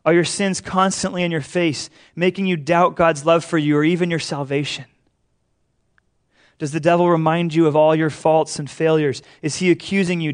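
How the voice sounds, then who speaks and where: A man with a slightly higher-than-usual voice delivers a sermon as a pastor. He speaks earnestly, repeating key lines for emphasis and often sinking to a near hush.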